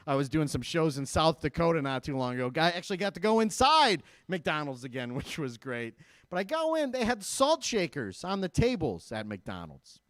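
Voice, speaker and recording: A man's voice: high-pitched, no room sound, clean studio sound. A man in his thirties doing a self-deprecating stand-up set in a school gym. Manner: self-deprecating, animated storytelling. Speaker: stand-up comedian.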